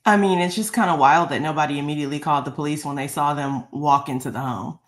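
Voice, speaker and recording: A woman with a notably low voice joins as a guest. She reacts with calm, wry remarks in casual conversation. She keeps a measured pace as she talks. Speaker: guest commentator.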